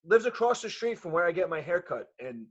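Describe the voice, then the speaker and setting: A middle-aged man, a jiu-jitsu gym owner telling a profane, animated story in casual chat. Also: high-pitched, a little fast, noisy background. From New York. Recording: dull lo-fi audio.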